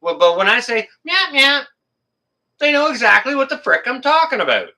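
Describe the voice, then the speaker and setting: Bright-voiced man chatting live. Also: very high-pitched, sing-song, normal speed. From Canada. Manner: rambling, joking, swears mildly, laughs at chat. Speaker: livestream host. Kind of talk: casual live chat reading viewer comments.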